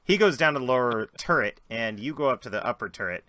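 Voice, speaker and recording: A man narrating as game master of a tabletop role-playing game, animated with quick asides. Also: mid-range voice.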